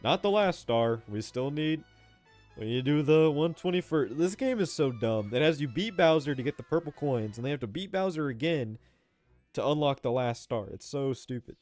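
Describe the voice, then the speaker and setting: This live streamer is a young man with a fairly high, animated voice and a darkish tone, speaking at normal speed. His casual gaming commentary is chatty and profane, packed with "bro" and frequent laughter, over faint game music.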